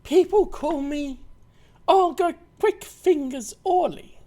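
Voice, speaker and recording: A man voicing a sly young woman card sharp who first puts on a Russian accent, in a cocky, theatrical manner. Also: very high voice, slow, a little hiss or hum, pitched above the performer's own voice. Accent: put-on Russian. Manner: cocky, theatrical, sing-song.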